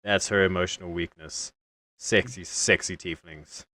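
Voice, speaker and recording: A male game master who narrates a tabletop session slowly and wryly, often dropping in jokes. His mid-pitched voice is recorded close, with no room sound. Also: fairly even intonation, sharp tone, no room sound. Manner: wry, joking narration.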